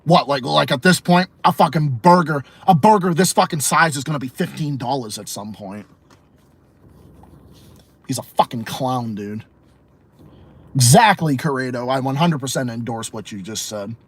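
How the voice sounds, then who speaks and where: A slightly rough, medium-pitched male voice moves at normal speed as this Massachusetts-accented podcast host, a native of the state, responds to livestream chat. He's blunt and opinionated, and he swears a lot.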